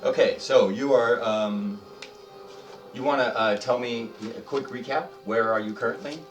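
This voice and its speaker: A man narrating a tabletop adventure as game master, chatting loosely and stumbling over fillers. His voice sits at an average pitch and the room echoes around it. He is far from the microphone, with faint music underneath. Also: steady tone, lo-fi sound. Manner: chatty, halting with many fillers. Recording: roomy, distant mic, faint music.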